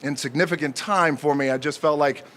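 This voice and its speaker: A man in his forties giving an unscripted acceptance speech at an outdoor ceremony, joking and pausing often with fillers. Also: on the high side, fairly even intonation, a bit bright. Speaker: speaker at an outdoor honor ceremony.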